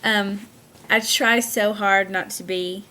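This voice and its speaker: A young woman with a Southern US accent, chatting in a casual vlog and reading out a word list, pausing often with "um". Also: mid-range voice, steady tone, pushed and bright. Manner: hesitant, full of "um" fillers. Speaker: vlogger.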